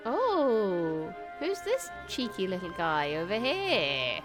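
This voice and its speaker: A woman's voice: mid-range voice, wildly swooping pitch, takes it slowly, music in the background. Giggly teasing woman streamer. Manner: giggly, teasing, reacts aloud. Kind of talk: let's-play commentary.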